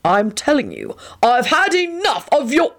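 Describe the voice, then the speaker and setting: A stern, bossy officer who barks and snarls his orders, as a woman acts him out. He sounds shrill and loud, swinging up in anger, in a storybook reading. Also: huge pitch swings, unhurried, heavily acted. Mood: angry. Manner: shouting, barking orders.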